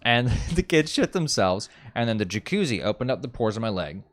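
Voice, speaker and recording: A man's voice: medium pitch, very animated, a little fast, no echo. A young man rambling casually, telling a story with lots of fillers and self-mocking jokes. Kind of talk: casual chat.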